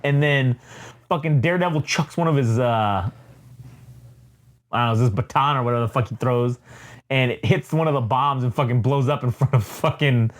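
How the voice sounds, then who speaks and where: A man recapping a comic book in casual chat, animated and profane, voicing characters' lines as he reads them. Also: mid-range voice. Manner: animated, profane, reads comic dialogue aloud with quick voices. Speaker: comic book podcast host.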